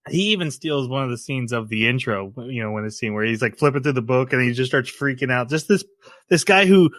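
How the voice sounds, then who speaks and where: A man's voice: mid-range voice, a bit bright, no echo, studio quality. A man hosting a casual podcast, rambling through an anime episode, laughing often and acting out quotes. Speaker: podcast host.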